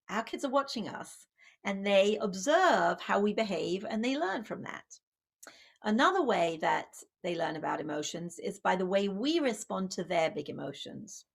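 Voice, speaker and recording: A woman's voice: mid-range voice, gravelly. A woman, a child psychologist and author, giving a conversational public talk on parenting, with many fillers and self-corrections.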